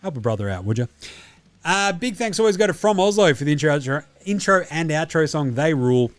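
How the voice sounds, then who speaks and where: A man's voice: on the high side, animated, a little fast, no room sound. A man with an Australian accent, hosting a sports podcast and signing off in a casual, matey chat with a fair bit of swearing. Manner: swearing, laid-back and matey. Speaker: podcast host.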